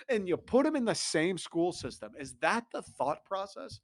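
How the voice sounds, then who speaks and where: A man's voice: sits high, very animated, normal speed, hardly any pauses. A young man, host of a sports talk show, ranting with profane exasperation and mocking laughs. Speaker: podcast host.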